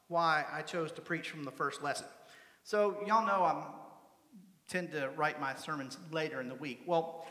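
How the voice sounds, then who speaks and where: A man's voice: high-pitched, sharp tone. A middle-aged man, a pastor, preaching a sermon in a conversational way and often checking in with the congregation. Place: church sanctuary. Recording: echoey church hall.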